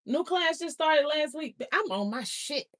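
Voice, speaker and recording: Excitable high-voiced woman on livestream. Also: moderate pace. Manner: emotional and excitable, laughing, slangy. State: close to tears. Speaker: livestream host. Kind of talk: casual livestream chat.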